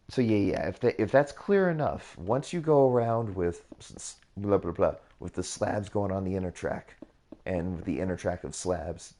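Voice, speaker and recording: The host's voice is deep and dark in tone as he narrates a casual build tutorial on his gaming channel. His commentary is rambling and repetitive, and he frequently stops to correct himself.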